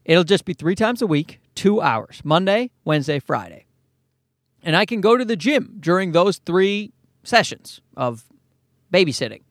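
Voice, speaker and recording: A man's voice: high voice, very animated, moderate pace, no room sound, clean studio sound. A man in his thirties hosting a podcast, delivering a rambling comedic monologue full of swearing and asides. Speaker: podcast host.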